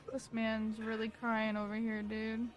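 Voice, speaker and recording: A woman's voice: on the high side, fairly even intonation, slow, fairly bright tone. Brash, slangy young woman player. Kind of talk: casual chat during a tabletop game.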